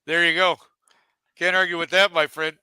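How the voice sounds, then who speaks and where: Man, sports show host, high voice, very bright, dry close sound. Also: flat delivery, moderate pace, smooth, dry recording, poor audio. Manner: chatty, leads the discussion. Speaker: podcast host. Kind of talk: casual sports talk.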